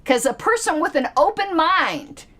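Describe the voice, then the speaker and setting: A woman giving political commentary in a vlog, sarcastic and fond of mocking rhetorical questions. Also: a little slow. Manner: animated, with sudden pitch jumps.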